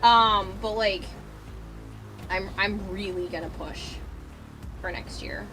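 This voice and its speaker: A woman's voice: medium pitch, slow, poor audio. Chatty woman with a Boston accent, music behind. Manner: rambling, chatty, frequent "like" and "um", swears casually. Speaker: streamer. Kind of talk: casual livestream chat while crafting. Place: home room with an air conditioner.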